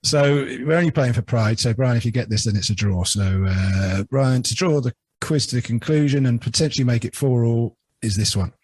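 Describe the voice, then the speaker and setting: A man's voice: mid-range voice, normal speed, hardly any pauses, a little mellow, husky. A man co-hosting a podcast, reading out song lyrics for a quiz in casual, jokey chat. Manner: jokey, teasing. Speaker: podcast co-host running a quiz.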